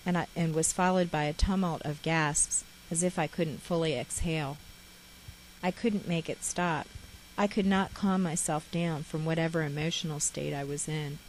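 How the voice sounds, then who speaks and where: A woman reading her own memoir aloud in a measured, reflective way. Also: sits low, a little hiss or hum, rough recording. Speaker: memoir author.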